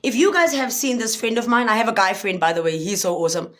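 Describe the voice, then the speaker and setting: A young woman giving a spiritual motivational livestream talk, preachy and animated, often asking viewers if they understand. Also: medium pitch, quick pace. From South Africa.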